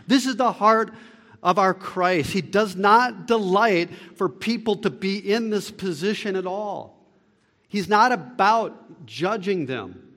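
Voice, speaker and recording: Male pastor, sermon, slow deliberate delivery, slightly high voice, long hall reverb. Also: lively intonation. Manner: dramatic preacher swinging between loud and hushed.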